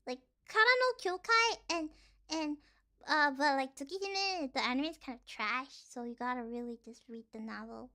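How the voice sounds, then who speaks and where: A young woman streaming casually, rambling with lots of fillers and sometimes dropping into sighs and soft whispers. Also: high-pitched, moderate pace. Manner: rambling, filler-heavy, animated ranting; drops to sighs and soft whispers between points. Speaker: vtuber streamer.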